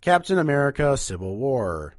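A man's voice: mid-range voice, very animated, normal speed, no room sound, clean studio sound. A young man with a nasal voice hosting a casual, rambling podcast where he ranks movies. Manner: chatty, rambling, upbeat. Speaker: podcast host.

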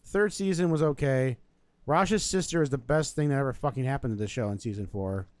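A man chatting casually with friends, delivering dry, deadpan jokes. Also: medium pitch, a little fast, no echo. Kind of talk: casual chat among friends.

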